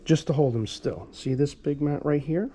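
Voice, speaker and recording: A man's voice: on the high side, moderate pace. A man working as a dog groomer, chatting casually to viewers through a grooming tutorial, recorded on a camera mic in a grooming salon. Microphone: GoPro camera mic. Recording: loud electric clipper hum behind. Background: electric clippers buzzing.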